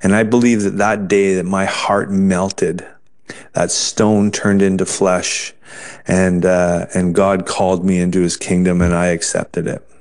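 Earnest, halting man with a low voice. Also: flat delivery, a little mellow. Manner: halting, earnest, restarts often. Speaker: guest telling his conversion story. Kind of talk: personal testimony in an interview.

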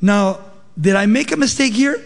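A man's voice: high voice, expressive, moderate pace, creaky, in a large hall. A man voicing God as a patient male deity who questions and corrects, with conversational, pointed rhetorical questions. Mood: patient rebuke.

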